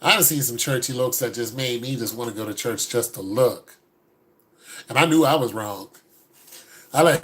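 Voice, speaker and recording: A man giving a casual, joking critique with animated, mock-preachy asides. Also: medium pitch, moderate pace. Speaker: dating and style commentator.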